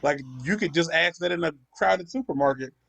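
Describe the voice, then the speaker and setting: Gravelly man ranting over gameplay. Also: a little high, a little fast, fairly bright tone. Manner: profane, ranting storyteller. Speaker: gaming channel host. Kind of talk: casual chat over gameplay.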